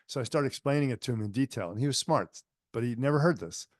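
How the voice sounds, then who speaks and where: A male healing teacher tells stories in a loose, conversational way, filling pauses with small fillers. His voice sits at an ordinary middle pitch. The sound is dry and close, recorded for an online lecture. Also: lively intonation, dry recording. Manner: conversational, anecdotal, frequent fillers. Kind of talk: storytelling lecture. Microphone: online lecture microphone.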